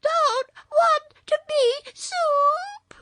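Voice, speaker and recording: A woman's voice: extremely high pitch, drawn-out words, pushed and bright, dry recording, clean studio sound, voice pushed up, full character voice. A woman reading a storybook, voicing a frightened little boy who cries and wails. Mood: wailing. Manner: wailing. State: crying. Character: small boy, frightened and tearful.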